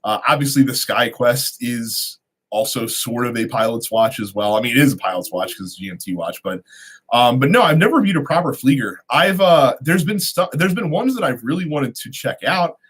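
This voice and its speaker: Host, male, mid-pitched voice, unscripted live-stream chat, reads out viewer questions and rambles through the answers. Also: lively intonation, a little fast, fairly bright tone, breathy edge. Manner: conversational, many ums and restarts. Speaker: host of a watch channel.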